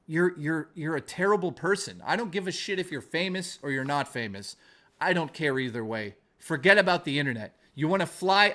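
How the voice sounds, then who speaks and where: A male streamer with a fairly high voice rants heatedly into his mic, swearing and circling back on his points. He reads and answers his viewers' messages between tirades. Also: a bit bright. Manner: heated, profane, repetitive ranting. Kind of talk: angry live-stream rant and chat reading.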